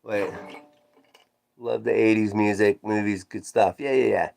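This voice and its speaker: A man livestreaming, casually recounting a strange dream and reading chat, with animated swoops up when quoting himself and self-deprecating asides. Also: on the low side, unhurried, creaky. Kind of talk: casual rambling storytelling, reading chat aloud.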